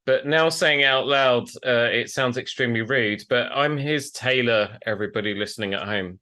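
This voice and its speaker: A man hosting a casual podcast over a video call, chatty and quick to laugh, reading playful intros. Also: mid-range voice, pushed and bright. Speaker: podcast host and tailor.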